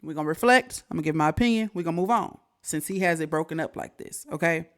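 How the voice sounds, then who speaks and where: A woman with a fairly low voice hosts a reaction video, commenting in a loose, conversational way. Her delivery keeps dipping from full voice down to soft, almost whispered asides. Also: quick pace.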